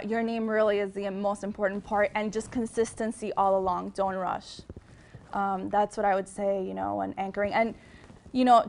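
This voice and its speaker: A young woman with a Miami accent, a TV news reporter, giving chatty advice to students with lots of ums and restarts. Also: mid-range voice. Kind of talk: casual advice talk to students.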